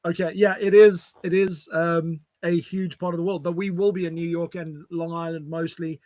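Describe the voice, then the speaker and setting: A man's voice: on the high side, level tone, normal speed, a little mellow, no echo. A man hosting a casual online chat, talking in a chatty, upbeat way over a video call. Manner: chatty, upbeat sign-offs. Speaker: host.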